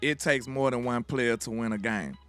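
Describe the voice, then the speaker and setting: A man's voice: mid-range voice, moderate pace, fairly bright tone, clean tone, faint music behind. A man from Alabama, hosting casual sports talk and building emphatically on the others' points. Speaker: sports podcast host.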